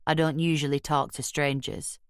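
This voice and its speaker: A woman voicing a lanky, wary male pool hustler with a Caribbean accent and a slow, laconic, streetwise manner. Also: low-pitched, flat delivery, clear, resonant tone, no room sound, studio quality, close to an everyday voice. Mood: guarded, laconic.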